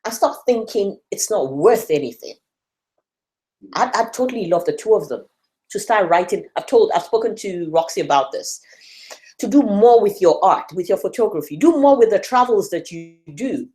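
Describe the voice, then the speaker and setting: Woman, from West Africa, motivational talk, lively swinging pitch, rhetorical questions, encouraging. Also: normal speed. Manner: animated and encouraging, fires rhetorical questions at the room. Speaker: speaker at a learning session. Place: church meeting room.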